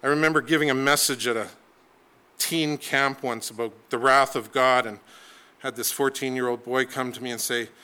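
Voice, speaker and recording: A man's voice: mid-range voice, steady tone, moderate pace, pushed and bright, clear, resonant tone. A man preaching a sermon, telling the story with emphatic, dramatic delivery and sweeping shifts in pace.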